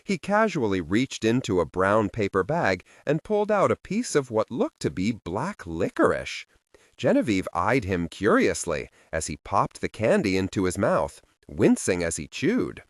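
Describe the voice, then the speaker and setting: Low, expressive male audiobook narrator. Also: unhurried, no room sound, clean studio sound. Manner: expressive, wide-ranging reading. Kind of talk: scripted dark fantasy narration.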